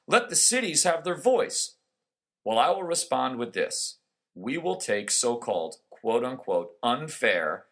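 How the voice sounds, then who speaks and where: Lively, bright-voiced political talk host. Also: male voice, medium pitch. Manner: emphatic, sarcastic, preachy. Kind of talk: conservative political monologue.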